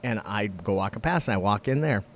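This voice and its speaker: A man co-hosting a podcast, telling stories in casual, profane, animated chat. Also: lowish voice, fairly quick, a little hiss or hum. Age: young adult. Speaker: podcast co-host.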